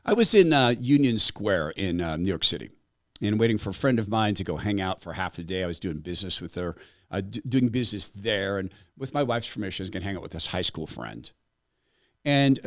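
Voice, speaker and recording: A man's voice: fairly low pitch, no room sound. A middle-aged male talk-show host telling a personal story with plenty of asides. His voice rises and falls a lot, and the mic sound is dry and close. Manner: animated, conversational, with asides. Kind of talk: storytelling commentary.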